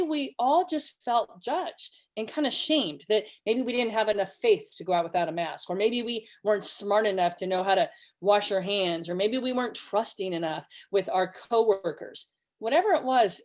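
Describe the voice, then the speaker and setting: A woman from California giving a conversational online webinar, telling stories and acting out quoted voices. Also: mid-range voice. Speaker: webinar presenter.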